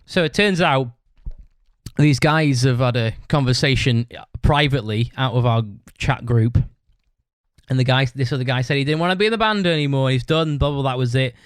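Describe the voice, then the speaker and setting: A man with a mid-range voice hosts his own podcast, spinning a long story at normal speed in a blunt, rambling monologue full of swearing and restarts. The recording is clean studio quality with no room sound.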